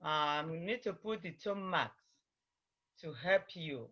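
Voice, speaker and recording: A high, bright male voice moves at an unhurried pace, with each word repeated carefully as he teaches. The sound arrives muffled and lo-fi over a video call, as a patient language teacher leads an online class. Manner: patient, repeats words slowly for students to copy.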